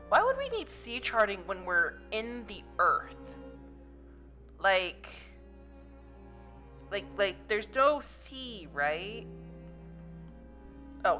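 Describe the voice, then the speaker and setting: A woman's voice: medium pitch, sharp tone. A young woman chatting casually while playing a story game, reading its text aloud and puzzling over it. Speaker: game streamer. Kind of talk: casual gameplay commentary.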